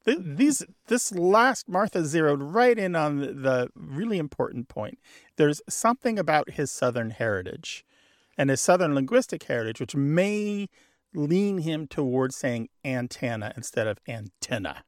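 Lively, dry-sounding radio host, man. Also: on the high side, moderate pace, dry recording. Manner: explanatory, good-humored, scholarly. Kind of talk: radio call-in talk. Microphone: studio microphone.

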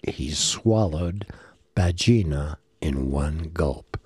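A man telling a folk tale in storybook narration, animated and voicing the characters. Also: rumbling low, very slow, breathy edge, dry recording. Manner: animated, voices the characters, asides to a listener.

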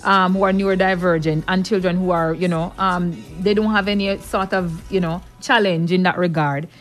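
A woman's voice: lowish voice, steady tone, moderate pace, soft background music. A woman co-hosting a casual talk show, reasoning things through earnestly and laughing easily. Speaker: co-host. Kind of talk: casual chat.

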